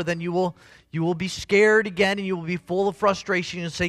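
A pastor delivers a sermon in an earnest, conversational way that builds into emphatic swells. His voice sits high and sounds bright and forceful. The sound is dry and close, with little room in it. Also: steady tone, a little fast, no echo.

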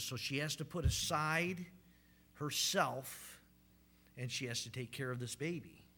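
A man's voice: on the high side, a bit bright. A man in his thirties preaching a sermon as a pastor, telling stories in a conversational way with frequent "right?" tags and ums.

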